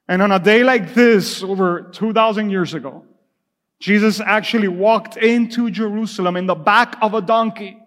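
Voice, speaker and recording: High-voiced pastor preaching in a reverberant hall. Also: male voice, a bit bright. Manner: casual and conversational, building to fervent repetition. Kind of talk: sermon. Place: church sanctuary.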